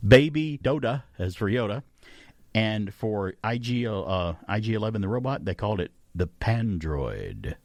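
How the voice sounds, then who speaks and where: A fairly low-voiced man talks casually as a radio host, chatty and enthusiastic, often breaking into laughter. His voice sounds dry and close, with no room echo. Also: big pitch swings, unhurried, a little mellow.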